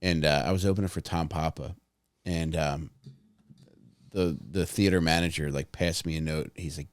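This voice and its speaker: A man's voice: very deep voice, fairly even intonation, normal speed, clear, resonant tone, dry recording, clean studio sound. A man hosting a casual podcast, telling stories in a laid-back way. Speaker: podcast host. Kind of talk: casual chat.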